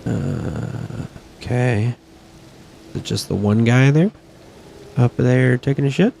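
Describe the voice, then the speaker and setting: A man's voice: mid-range voice, slow, creaky, warm tone, a little hiss or hum. A man casually commentating his own game, chatty and swearing, talking back at enemies and sniffling near his desk mic. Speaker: gaming streamer.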